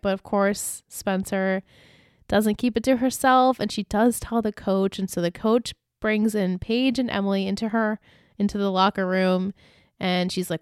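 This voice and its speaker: A woman's voice: mid-range voice, fairly even intonation, moderate pace, smooth, dry recording. Chatty woman podcaster, retells scenes acting out the lines, dry close mic, laughs a lot. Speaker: podcast co-host. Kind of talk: casual recap chat.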